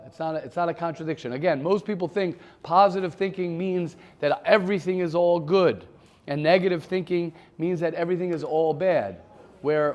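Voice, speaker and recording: A rabbi teaches a class in a loose, conversational way, saying key phrases two or three times over. His voice sits a little higher than most men's, and he turns now and then to answer a student in the room. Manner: conversational, repeats phrases, takes questions from the room. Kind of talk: informal Torah class.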